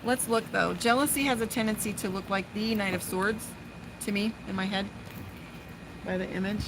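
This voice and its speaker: A woman gives a casual tarot reading on a live stream. She is chatty and swears freely, and her voice sits in an ordinary middle pitch. Clear traffic noise and outdoor ambience run behind her. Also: fairly even intonation, normal speed. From Las Vegas, USA. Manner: chatty, profane, breaks off to talk to her dog. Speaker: tarot reader and psychic. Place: outdoors by a pool.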